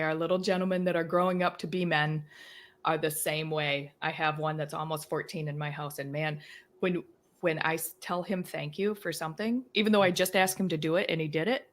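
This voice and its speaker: A woman's voice: low voice, fairly even intonation, fairly quick. Agreeable woman podcast host. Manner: agreeable, laughing easily. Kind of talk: casual chat.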